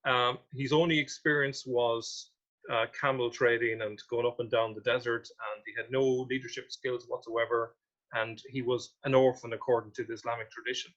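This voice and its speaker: A man's voice: mid-range voice, level tone, moderate pace, a bit bright. Man explaining history over dull audio. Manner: reads quotations aloud, then questions them.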